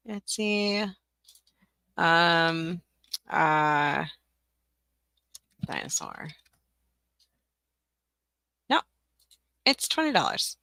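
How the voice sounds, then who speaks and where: A woman leads a casual tutorial, chatty and a little scattered, trailing off into muttered asides. Her voice sits low with a gravelly edge and a bright, forceful ring. It is recorded dry and close, with no room sound. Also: very animated, drawn-out words, pauses often, no echo. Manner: chatty, scattered, frequent ums and self-corrections, mutters asides. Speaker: teacher-seller running a tutorial livestream. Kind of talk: casual screen-share tutorial.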